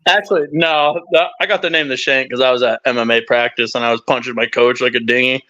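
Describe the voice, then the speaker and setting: A man's voice: mid-range voice, fast talker. A young man telling rowdy stories in a casual, profane chat as a guest on a live stream. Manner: profane, animated storyteller. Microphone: live-stream mic. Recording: dull lo-fi stream audio.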